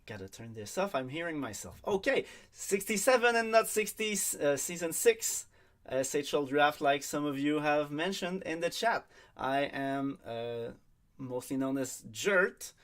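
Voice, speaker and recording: A man with a French accent and French as his first language, hosting a livestream in a halting, easygoing way that often corrects itself. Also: a little high, animated, a bit bright. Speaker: draft show host.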